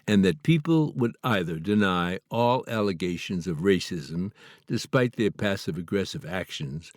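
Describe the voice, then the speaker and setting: A man from Canada reading his own memoir aloud in a measured, earnest, slightly formal way. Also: on the low side, darkish tone, no room sound, clean studio sound. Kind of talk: memoir audiobook narration.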